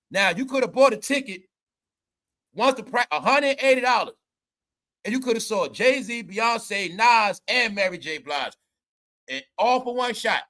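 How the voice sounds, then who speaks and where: A man's voice: high voice, bright, forceful tone. A man giving casual, comedic commentary as a vlogger, rambling, swearing, laughing and stammering as he talks.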